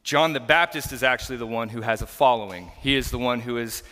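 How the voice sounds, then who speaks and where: A pastor preaching in a church, his tense, bright voice ringing out with a long reverb behind it. He is a man who explains scripture in an earnest, plain, conversational way. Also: medium pitch, fast talker. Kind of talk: conversational sermon. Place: church sanctuary.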